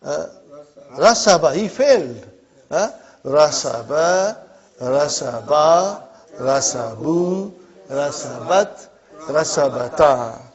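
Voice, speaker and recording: A man teaching an Arabic class speaks slowly and deliberately, repeating verb forms and prompting students with quick check-ins. His voice sits slightly high for a man. The recording is dull and lo-fi. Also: expressive. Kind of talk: classroom Arabic grammar lesson.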